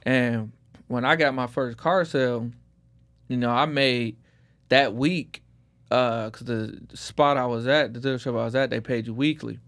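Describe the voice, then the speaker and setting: A man's voice: medium pitch, unhurried, a bit bright. A man in his thirties from Detroit, a podcast guest telling his story in a laid-back way with street slang. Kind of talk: casual podcast conversation.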